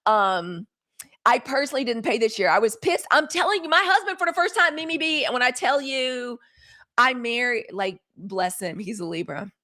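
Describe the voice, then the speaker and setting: A middle-aged woman with a Mississippi Southern accent, her voice sitting a bit high. She hosts a live-stream news commentary, blunt and fired up, swearing freely and calling her viewers "y'all". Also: animated, moderate pace, pushed and bright. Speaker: live news show host.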